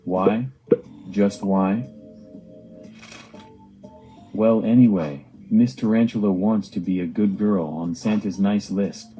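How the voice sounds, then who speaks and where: Earnest man with a very mellow voice. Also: lowish voice, fairly even intonation, normal speed, hardly any pauses, soft background music, poor audio. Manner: simple, earnest storytelling with plain phrasing. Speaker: narrator of a homemade cartoon diary. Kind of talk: storytelling.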